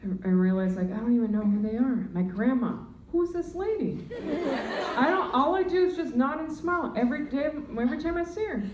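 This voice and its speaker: A young adult woman performing a stand-up comedy set, animated and slipping into put-on voices. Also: sits high, a little fast, background noise. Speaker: stand-up comic. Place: comedy club stage. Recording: roomy club sound from far off, loud audience.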